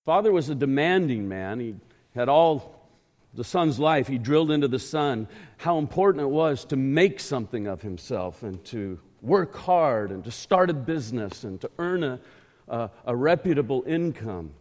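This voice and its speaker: A man preaching a sermon in a church, emphatic and measured, asking the congregation rhetorical questions. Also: medium pitch, animated, a little mellow. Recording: echoey hall.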